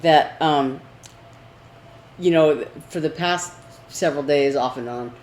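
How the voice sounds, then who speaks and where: A woman's voice: sits low, measured pace, darkish tone. A woman co-hosting a casual crafting chat, talking in a rambling way with many fillers. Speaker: co-host. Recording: echoey room with faint noise.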